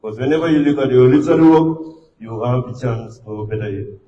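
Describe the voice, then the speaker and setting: A man's voice: medium pitch, brisk, dull audio. A man working as master of ceremonies at a book launch, speaking formally with frequent hesitations. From Gambia. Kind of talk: formal event hosting. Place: event hall. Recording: echoey hall, distant mic, faint noise.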